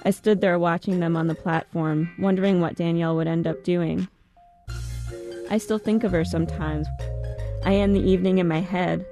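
A woman narrating a first-person story in a measured, reflective manner. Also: lowish voice, steady tone, warm tone, faint music behind. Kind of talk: audiobook narration.

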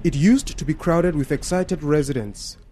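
Male field reporter reading narration, measured and a little high-pitched, with a dark tone. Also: a little hiss or hum. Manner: measured, storytelling delivery. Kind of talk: scripted news narration.

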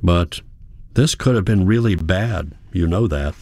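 A man's voice: low-pitched, measured pace, darkish tone. A man voicing a practical, reassuring adult female caregiver in a story reading. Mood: firm.

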